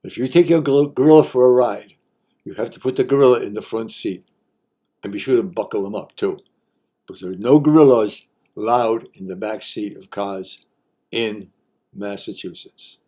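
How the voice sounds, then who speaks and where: A man's voice: on the low side, moderate pace, dark tone. An older man hosting a casual explainer, talking in a folksy, wry way with joking asides. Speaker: host.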